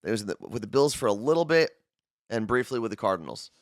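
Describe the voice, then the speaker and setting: A young adult man co-hosting a podcast, relaxed and chatty, reading out listener comments. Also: fairly low pitch, quick pace, no echo, studio quality. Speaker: podcast co-host. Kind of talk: casual chat.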